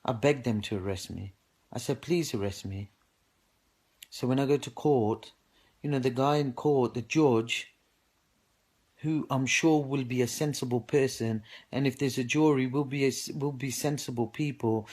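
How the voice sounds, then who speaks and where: A man's voice: medium pitch, normal speed, a little mellow. A man with a British English accent giving an aggrieved personal account to camera, indignantly recounting events and quoting himself with repeated "I go". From United Kingdom. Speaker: man speaking out on social media.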